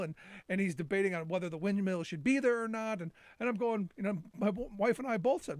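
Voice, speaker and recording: A man's voice: sits high, fast, dry recording. A middle-aged man hosting a live call-in talk show, rambling and sarcastic with many restarts.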